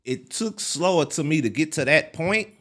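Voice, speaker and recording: A middle-aged man, a podcast guest, telling his life story in a casual, animated way, full of fillers like "man" and "like". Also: normal speed. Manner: relives quotes with sharp pitch leaps.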